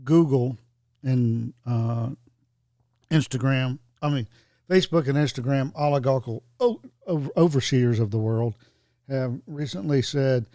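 A man's voice: mid-range voice, a little slow, dark tone, dry recording, clean studio sound. A man in casual chat who speaks hesitantly with many ums and uhs and a wry edge.

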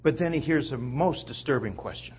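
Animated man preaching a sermon. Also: mid-range voice, fairly quick, husky, highs cut off. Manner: animated storytelling, acts out quotes, checks in with listeners.

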